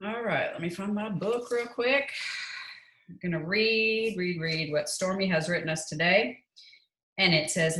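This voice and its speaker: A woman's voice: fairly low pitch, unhurried, fairly bright tone, echoey room, rough recording. A woman hosting a casual prayer-group chat, playful and laughing often. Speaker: host.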